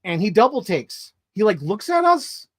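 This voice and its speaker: A man giving a casual, animated movie review as a story, swearing freely and getting excited. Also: high-pitched, moderate pace, breathy edge, no echo.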